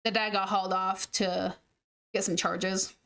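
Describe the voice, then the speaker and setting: A woman's voice: mid-range voice, level tone, unhurried, creaky, a bit bright, smooth. A young woman streaming a game, chatting casually and telling stories with laughs and the odd swear. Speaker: gaming streamer. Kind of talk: casual storytelling while gaming.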